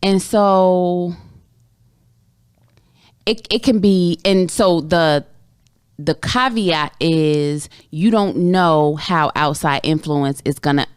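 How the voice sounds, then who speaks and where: A woman therapist co-hosting a podcast, explaining things in a measured, reflective way. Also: lowish voice, smooth, dry recording, clean studio sound. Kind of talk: casual podcast conversation.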